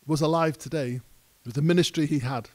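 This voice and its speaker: Man, pastor, slightly high voice, conversational sermon, emphatic bursts. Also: a little fast, a little mellow. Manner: conversational preaching, builds to emphatic peaks. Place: church hall.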